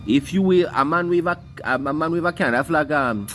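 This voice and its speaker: A man's voice: a little high, a little fast, a bit bright, slight background noise. A man with a Trinidadian Creole accent, delivering a heated, scornful monologue and cussing freely. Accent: Trinidadian Creole English. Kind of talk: ranting monologue.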